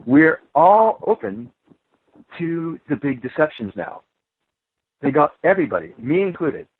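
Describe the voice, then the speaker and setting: A man's voice: a little high, sing-song, unhurried, breathy edge, no echo. A man, a guest author, talking emphatically in a podcast conversation, laughing between his points. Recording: tinny phone line.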